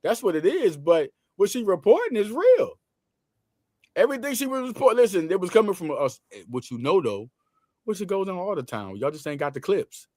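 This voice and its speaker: Philly guy riffing on football, voice jumps up and down a lot, bit high, dry close sound. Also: no echo. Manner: animated, loose slang, quick restarts. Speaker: sports show host. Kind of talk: casual sports talk.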